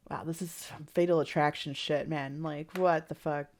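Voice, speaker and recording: A woman streamer reacting loudly to a game, with exasperated outbursts and frequent laughter. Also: sits low, steady tone, moderate pace. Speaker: gaming streamer. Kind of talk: reacting to a game during a livestream.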